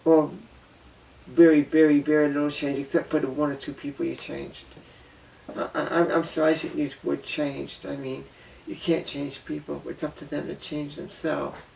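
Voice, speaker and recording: A man's voice: a little high, little pitch movement, normal speed, vocal fry, darkish tone, slight background noise. A man giving an earnest, emotional personal monologue as a vlogger, often repeating himself and apologizing. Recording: voice distant from the mic.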